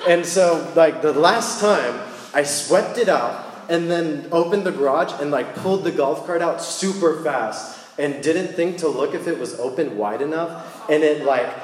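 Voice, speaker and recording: A young man preaching a sermon in a church, casual and animated as he tells stories. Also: a little high, a little slow, roomy sound, long reverb tail.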